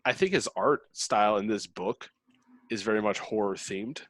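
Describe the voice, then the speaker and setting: A man's voice: on the low side, normal speed, a bit bright, no room sound. A man in casual chat at a book club, rambling with many fillers.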